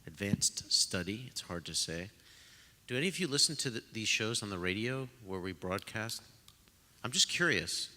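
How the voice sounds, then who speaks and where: Deep-voiced man hosting in a reverberant hall. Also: expressive, pushed and bright. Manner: self-deprecating, joking, halting with fillers. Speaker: host of a pre-concert talk. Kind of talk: casual live talk to an audience. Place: concert hall. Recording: long reverb of a concert hall.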